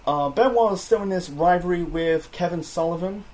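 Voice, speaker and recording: Young male reviewer, slightly raised pitch, loose rambling delivery, lots of "you know" and restarts. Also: normal speed, a little mellow. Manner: rambling, many fillers and self-corrections. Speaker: wrestling review host. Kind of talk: casual solo review chat.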